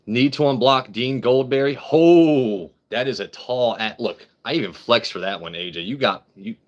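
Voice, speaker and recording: This livestream host has a fairly low, slightly bright voice, though the audio comes across dull. He drinks while rambling, joking and swearing freely, talking directly to his chat viewers.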